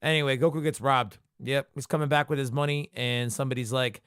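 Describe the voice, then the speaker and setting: A man hosting his own podcast, talking in a loose, rambling way and cursing freely. His voice sits at an ordinary middle pitch. The sound is dry, with no room echo. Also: steady tone, brisk, a bit bright, smooth. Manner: profane, jokey, rambling commentary. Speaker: podcast host. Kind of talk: casual solo podcast recap.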